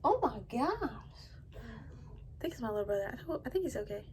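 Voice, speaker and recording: A woman telling a personal story in a casual vlog, soft-spoken and rambling, with lots of "like" and a hushed delivery. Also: on the high side, sing-song, moderate pace, background noise. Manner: often drops to a hushed, quiet delivery. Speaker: vlogger telling her own story.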